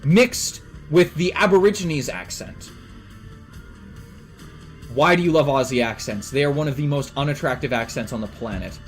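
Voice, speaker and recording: A man's voice: on the high side, moderate pace, soft background music. A man from Canada streaming and chatting casually with his viewers, blunt and emphatic with plenty of swearing.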